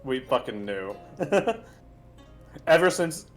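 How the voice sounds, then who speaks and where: Slow-talking man with a lively pitch. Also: faint music behind. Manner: slow, swearing, laughing banter. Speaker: player. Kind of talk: casual chat.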